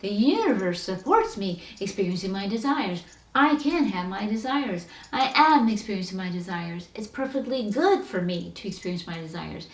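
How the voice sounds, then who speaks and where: A woman giving a spiritual self-help talk in a lively, animated way, often acting out quoted voices. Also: mid-range voice, moderate pace. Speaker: spiritual coach. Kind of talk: motivational talk. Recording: roomy echo, distant from the mic.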